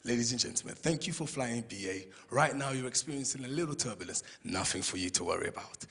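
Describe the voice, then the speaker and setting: A man voicing a calm, posh British airline pilot, deep, slow and reassuring. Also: vocal fry, breathy edge, in a large hall, full character voice.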